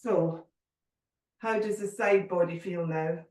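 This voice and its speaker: A woman guiding a yoga class, giving calm, gentle cues with a little humour. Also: lowish voice, slow, distant mic. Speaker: yoga teacher. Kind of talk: guided yoga class instruction. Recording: echoey room, voice from off mic.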